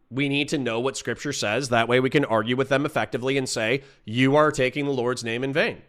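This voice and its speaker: A young man from Florida with a medium-pitched, fairly bright voice streams a heated, profane rant aimed straight at his chat. He's combative, cutting himself off with quick apologies before charging back in.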